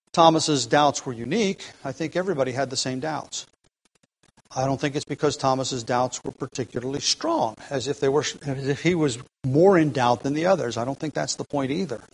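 A man preaching an expository sermon in a slightly raised voice. He talks earnestly and with emphasis, often restarting phrases. He slows right down to stress key lines. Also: a little high, low-quality recording. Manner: earnest, emphatic, with frequent restarts and varied pace.

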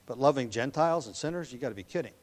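A man preaching an expository sermon as a pastor, emphatic on key words, with frequent ums and throat clearing. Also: medium pitch, animated, very fast.

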